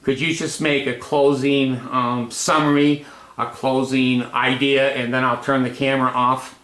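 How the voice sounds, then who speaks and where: Man in his eighties, flat monotone speech, rambling with many fillers, affectionate, echoey room. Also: mid-range voice, measured pace. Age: 80s. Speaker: host. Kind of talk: casual home video talk.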